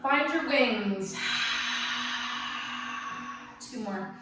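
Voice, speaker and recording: A woman leads a yoga class with a bright, slightly high voice, gentle and playful, dropping light jokes between cues. She is heard from a little way off the mic, in a strongly echoing room. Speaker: yoga instructor. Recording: very echoey room, mic at a distance.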